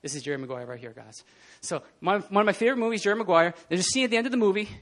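A man preaching a casual, animated sermon in a church, often laughing and acting out scenes. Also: sits high, racing. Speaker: pastor. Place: church hall.

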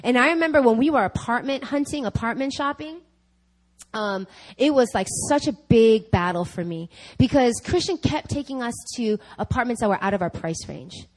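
Woman, preacher, conversational sermon, animated, laughing, fairly high voice. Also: normal speed, low-quality recording. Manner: animated, laughing, chatty with fillers. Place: church service.

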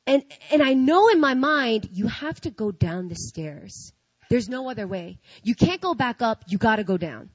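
Woman, casual storyteller, animated, slangy, dry muffled recording. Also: fairly high pitch, moderate pace, dry recording. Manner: animated, slangy, acts out her own reactions. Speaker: speaker sharing a personal faith story.

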